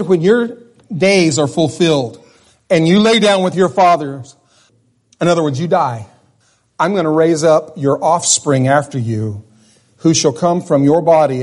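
Male pastor, high-pitched, folksy conversational sermon, lots of restarts. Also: a little mellow.

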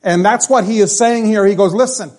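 A man's voice: sits high, steady tone, brisk, darkish tone. A male pastor preaching a conversational sermon in church, asking the congregation questions as he goes.

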